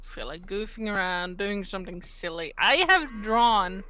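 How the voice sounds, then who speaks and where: A woman from Norway takes her time, speaking slowly and thinking aloud. Her voice is bright and clear, and she answers the questions in a modest, casual way. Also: medium pitch, lively intonation. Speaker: guest artist.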